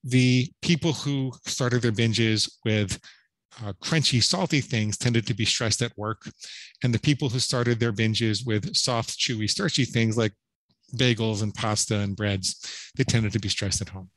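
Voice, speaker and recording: A man's voice: mid-range voice, a little slow, a bit bright, no room sound, rough recording. A middle-aged man talking as a podcast guest. He tells his story earnestly and with emphasis, with frequent restarts and "right?" tags. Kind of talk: storytelling interview talk.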